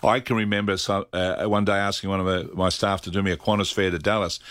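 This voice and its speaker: A man's voice: low voice, flat delivery, quick pace, fairly bright tone, no room sound. Chatty Australian man, dry close sound. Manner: chatty, enthusiastic, rattles off prices. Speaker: travel agency owner. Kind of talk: radio chat.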